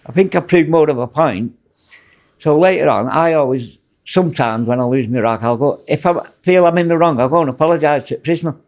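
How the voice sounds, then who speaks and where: A man's voice: fairly high pitch, fairly quick, a little mellow. A man with a Manchester accent, a former prison officer telling blunt, rambling anecdotes as a podcast guest. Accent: Mancunian. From Manchester, England. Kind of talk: casual storytelling interview.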